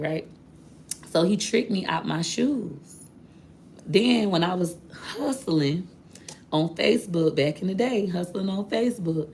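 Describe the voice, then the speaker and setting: A woman with a low, gravelly voice telling her viewers a personal story. She talks candidly and directly to them, in a loose, chatty way. A faint hiss sits under the recording. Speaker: vlogger.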